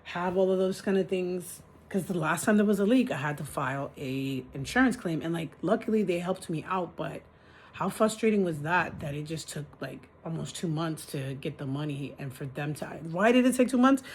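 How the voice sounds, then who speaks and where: A woman's voice: fairly low pitch, expressive, normal speed, slight background noise. A woman venting in a casual vlog from her apartment, frustrated and ranting, swearing as she talks. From New York City. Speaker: vlogger. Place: apartment, indoors.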